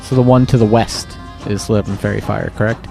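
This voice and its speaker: A man playing a tabletop game, making quick joking quips. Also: on the low side, steady tone, gravelly, dark tone, faint music behind. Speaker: player. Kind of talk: casual tabletop game chat.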